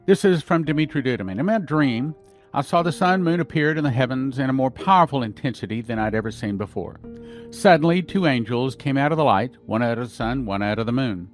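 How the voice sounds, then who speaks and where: A man's voice: medium pitch, lively intonation, fairly quick, soft background music. A man hosting a podcast, reading dreams and visions aloud and breaking off with his own asides. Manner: reads accounts, breaking off with asides. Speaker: podcast host. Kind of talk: reading prophecies aloud with commentary.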